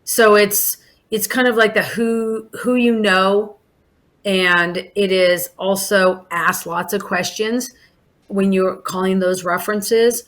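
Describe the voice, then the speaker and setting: A woman in her forties, mid-pitched, speaking as a daycare provider in a relaxed podcast chat. She talks warmly and loosely, circling back with fillers and restarts as she explains. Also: takes it slowly. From Alaska. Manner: warm, chatty, many restarts and fillers. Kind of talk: casual podcast interview.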